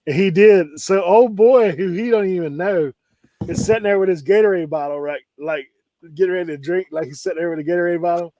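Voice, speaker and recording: A man's voice: sits high, brisk, background noise. A man telling rambling stories in a casual chat, laughing often. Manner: laid-back rambling storyteller, laughs often. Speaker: co-host reseller.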